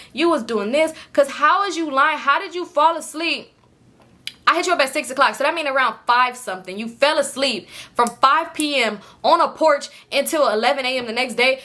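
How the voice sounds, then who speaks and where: Lively, bright-voiced young woman telling stories. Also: high voice. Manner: animated, profane, quotes people in lively voices. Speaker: vlogger telling a story. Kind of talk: casual storytime.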